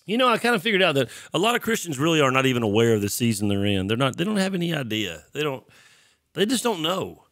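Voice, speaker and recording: A male host of a Christian show speaks in a chatty, self-deprecating way. His voice sits a bit high and sounds dry and close. He is congested and keeps clearing his throat. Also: big pitch swings, fast, a bit bright, dry recording. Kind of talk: casual sermon talk.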